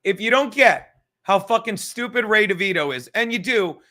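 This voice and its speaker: A man's voice: high-pitched, animated, moderate pace, sharp tone. A man hosting a livestream podcast in a casual, rambling, profane way, reading chat comments aloud as he goes. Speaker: podcast host.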